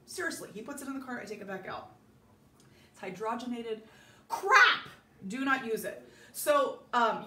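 A middle-aged Southern California woman hosts a live baking video from her home kitchen, chatting, rambling and greeting viewers by name. Her medium-pitched voice is a bit bright. The audio sounds roomy and distant, with slight background noise.

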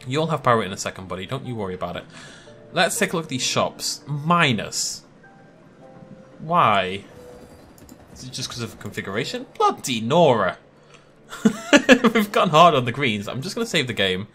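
Brief: young gaming commentator, animated delivery, bright and forceful, chatty and self-amused. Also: male voice, mid-range voice, normal speed, long pauses, soft background music. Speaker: gaming YouTuber. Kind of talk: casual gameplay commentary.

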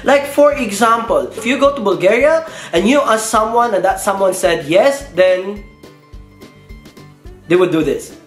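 A man from the Philippines hosting a casual explainer vlog, playful and giggly, acting out quick voices. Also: high-pitched, expressive, faint music behind. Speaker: vlogger. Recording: echoey room.

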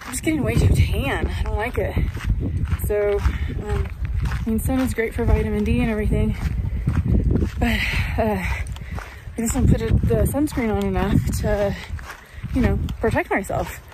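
A woman's voice: mid-range voice, moderate pace, long pauses, very noisy. Chatty woman vlogging outdoors. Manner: chatty, enthusiastic, rambling with fillers. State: out of breath while walking uphill. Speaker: vanlife vlogger. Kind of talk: casual vlog narration and walk-and-talk. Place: outdoors on windy wooded hills. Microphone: handheld camera.

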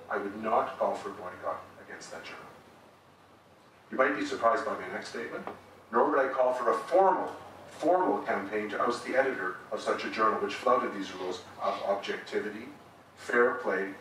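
Guy giving a debate speech, lowish voice, echoey hall, mic far off, wry and emphatic. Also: a bit bright, a little hiss or hum. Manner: measured, emphatic, wry asides. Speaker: debate speaker. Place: lecture hall.

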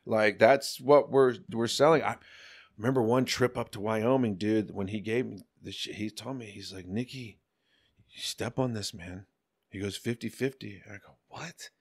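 A middle-aged man telling a story in a casual chat, animated and profane, acting out the people he quotes. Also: lowish voice, moderate pace. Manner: animated, swearing, acts out quotes in other voices. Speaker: podcast guest.

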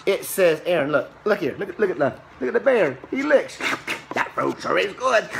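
A man reading a picture book aloud to a young child in a playful, exclaiming way, slowing on the quoted lines and ending with a short Bible lesson. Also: big pitch swings, gravelly, noisy background. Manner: playful, exclaiming, with sudden high squeals and slow drawn-out quoted lines; turns preachy when giving a Bible lesson. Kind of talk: animated read-aloud storytime.

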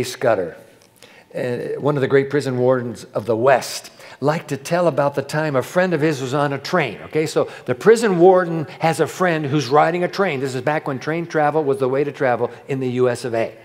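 A male pastor telling a sermon story to a live audience, dramatic and swinging from hushed to loud, with rhetorical questions. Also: medium pitch, normal speed, in a large hall.

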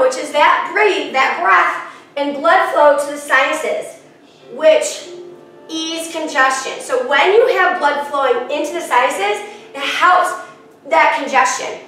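A woman's voice: sits high, a bit bright. A woman teaching a yoga class, giving encouraging, chatty cues with playful asides to herself. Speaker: yoga instructor. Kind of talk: guided yoga class instruction. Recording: echoey room, from a distance, with music.

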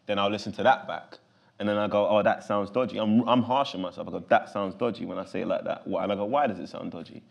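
Lively London man with a low voice. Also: creaky. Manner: animated, loose, full of fillers like "you know what I'm saying". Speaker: actor guest. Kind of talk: casual interview answers.

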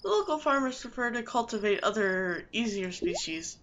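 A woman's voice: on the high side, sing-song, moderate pace, a bit bright, dull audio, slight background noise. A woman voicing a weary, struggling farmer who rambles politely.

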